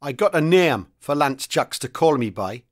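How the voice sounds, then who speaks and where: A man's voice: medium pitch, sing-song, a little slow, husky. A man reading the lines of a sour, insubordinate young tank crewman who grumbles back at orders. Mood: sulky. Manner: sulky, grumbling.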